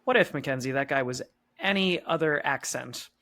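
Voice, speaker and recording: A man's voice: mid-range voice, moderate pace, pushed and bright. Man, podcast co-host, casual chat, chatty, joking, hedging.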